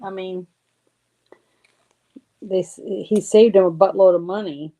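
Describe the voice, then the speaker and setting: A woman's voice: mid-range voice, steady tone, unhurried, phone-quality sound. Woman searching for words in casual chat. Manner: hesitant, searches for words, blunt opinions. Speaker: podcast co-host.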